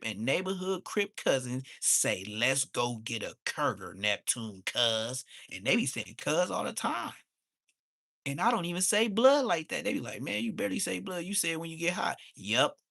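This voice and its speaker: A man, ranting on a livestream. He is heated and mocking, and his voice suddenly jumps high. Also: pushed and bright, dry recording, clean studio sound. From Inglewood, Los Angeles. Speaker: livestream host. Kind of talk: profane livestream rant.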